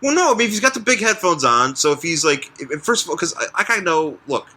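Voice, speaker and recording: A man's voice: on the high side, big pitch swings, quick pace, sharp tone. A man co-hosting a podcast in casual comedic chat, rambling and restarting his sentences as he acts out scenes. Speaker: podcast co-host.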